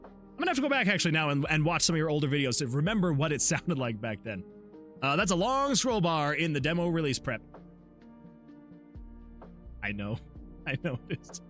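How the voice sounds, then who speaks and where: Animated man chatting on a dev stream. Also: fairly high pitch, fairly quick, long pauses, faint music behind. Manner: animated, laughs often, reads chat aloud. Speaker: solo game developer and streamer. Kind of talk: casual livestream chat. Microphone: USB desktop mic.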